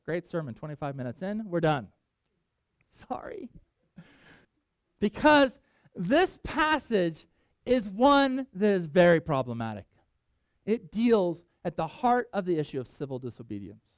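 A man preaching a sermon as pastor, animated and conversational, swinging from loud emphasis to quiet asides. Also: a little high, dry recording. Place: church in Wyoming.

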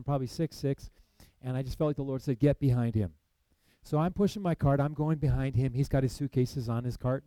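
Preacher, male, mellow dry voice, animated storyteller who drops to a hush. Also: a little high, no room sound, poor audio. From United States. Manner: animated storytelling, acts out quoted voices, then hushed and solemn. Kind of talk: sermon storytelling.

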